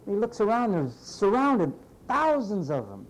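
A man preaching a sermon in a conversational, animated way, acting out the voices of the people he quotes. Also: high-pitched, normal speed, poor audio. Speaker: pastor.

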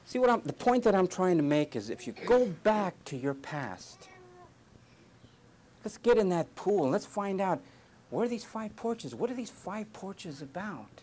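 A man's voice: high voice, unhurried. A man preaching a sermon, telling jokey stories from his childhood and acting out the voices of the people in them. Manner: animated, jokey, acts out quoted voices. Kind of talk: humorous sermon storytelling.

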